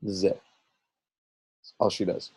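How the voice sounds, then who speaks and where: A middle-aged man talks through a team coaching call in a loose, rambling way, often restarting and slipping into quoted voices. His voice is mellow and dark, recorded close and dry with no room sound. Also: unhurried, no echo, rough recording. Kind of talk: casual coaching talk.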